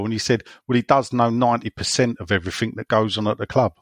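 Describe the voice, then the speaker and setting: A man's voice: lowish voice, fast talker, hardly any pauses, no room sound. A man co-hosting a casual football podcast, blunt and mocking in his jokes. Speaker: podcast co-host.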